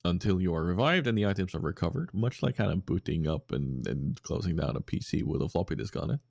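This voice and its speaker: Low voiced guy on a podcast, rambly, lots of ums, swoops his pitch around a lot, dry close sound. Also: big pitch swings, brisk, gravelly, a little mellow, no echo. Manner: rambling with many fillers, breaks into silly voices. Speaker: podcast co-host reading listener submissions. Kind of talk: casual podcast chat.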